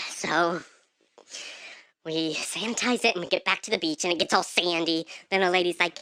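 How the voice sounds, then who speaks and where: A woman vlogger telling a dramatic storytime monologue, often jumping into shrill shouted outbursts. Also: a little slow, pauses often, no echo.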